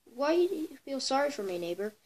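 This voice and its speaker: A woman's voice: high voice, very animated, fairly quick, a little mellow, pitched above the performer's own voice. A girl voicing a small, naive male chipmunk who sounds anxious and questioning.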